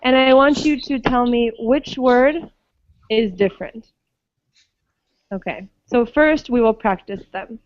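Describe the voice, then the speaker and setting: Woman teacher, unhurried, slightly high voice, dry lo-fi call audio; leads drills patiently. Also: no echo. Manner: slow, patient, checks understanding often. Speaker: English pronunciation teacher. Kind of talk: online class instruction.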